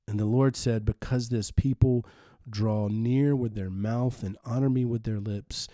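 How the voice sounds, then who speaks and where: A man preaching a sermon in an earnest, measured way, slowing down to stress key phrases. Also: mid-range voice, dark tone, no echo, clean studio sound. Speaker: pastor.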